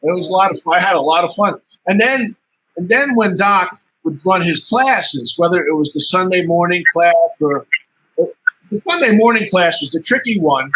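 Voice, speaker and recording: Lively, high-voiced man telling stories. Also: moderate pace, background noise. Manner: animated storyteller, laughs often, acts out quoted dialogue. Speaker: interview guest, martial artist. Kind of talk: casual storytelling interview.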